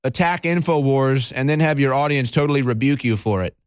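A man hosting a talk radio show, mocking and sarcastic with dramatic pauses. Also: mid-range voice, clean tone, dry recording, clean studio sound. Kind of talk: talk radio monologue and call-in.

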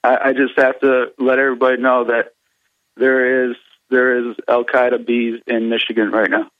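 A man calling a radio show with deadpan sarcasm, slow and hesitant. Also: mid-range voice, no echo, narrow, tinny audio. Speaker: caller. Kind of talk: sarcastic phone-in call.

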